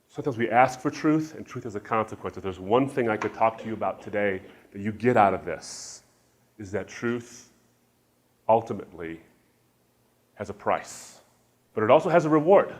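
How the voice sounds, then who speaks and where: A middle-aged man giving a sermon-style lecture with anecdotes, emphatic and shifting from loud stresses to quiet asides. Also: lowish voice, expressive, normal speed, pauses often, breathy edge. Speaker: Christian speaker.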